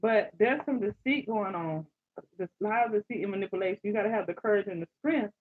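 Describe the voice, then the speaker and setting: A woman giving a live tarot reading, animated, exclaiming and repeating phrases to her listeners. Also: medium pitch, fast talker, breathy edge. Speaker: tarot reader. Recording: dull lo-fi sound.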